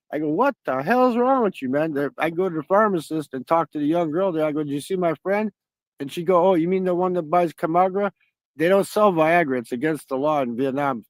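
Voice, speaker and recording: A man's voice: a little high, dry recording. A man hosting a stream, telling rambling, profane stories in casual chat. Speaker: stream host.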